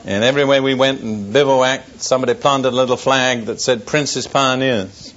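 An older male pastor preaches to a gathered congregation, weaving a personal wartime story with dry wit before turning to solemn warnings. His voice sits at a middle pitch. The recording is dull and lo-fi. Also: steady tone, moderate pace, fairly bright tone. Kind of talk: sermon testimony. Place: church service before an audience.

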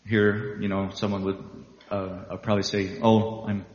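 A man's voice: lowish voice, flat delivery, normal speed, slight background noise. An American man, a gospel singer, talking in a folksy, conversational way with many fillers in a spoken interlude over his song. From United States. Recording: roomy reverb, dull sound, loud music. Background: loud guitar music.

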